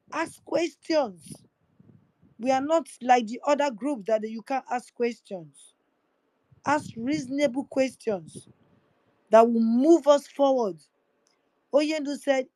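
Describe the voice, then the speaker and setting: A woman's voice: sits high, darkish tone, dry recording, poor audio. A woman hosting a livestream, urging listeners in a fervent, repetitive way. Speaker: livestream host. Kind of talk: impassioned activist address.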